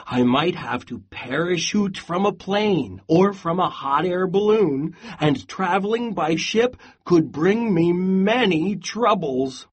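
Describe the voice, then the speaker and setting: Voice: medium pitch, expressive, breathy edge. A reader doing a fretful storybook pig. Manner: slow, deliberate storybook delivery. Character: anxious pig planning a trip. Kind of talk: storybook read-aloud.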